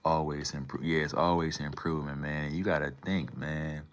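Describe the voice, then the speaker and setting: Man, very low voice, flat delivery, casual livestream rambling, slangy. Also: moderate pace. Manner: rambling, slangy, talks back to chat. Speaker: livestream host.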